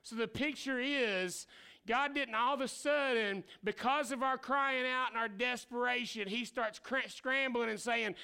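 Male pastor, high bright voice with some gravel, loose slangy preaching that acts out the story voices. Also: unhurried. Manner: animated, acts out voices of people in the stories. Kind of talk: sermon.

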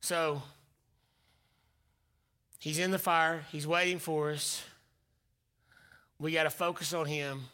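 A male pastor delivering a dynamic sermon, swinging between loud exclamations and hushed whispers. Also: on the high side, little pitch movement, slow, long pauses.

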